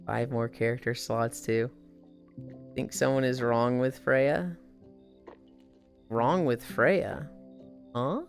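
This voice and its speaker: A woman's voice: rumbling low, slow, pauses often, soft background music. A woman in her twenties streaming casually, telling profane stories and reading chat aloud.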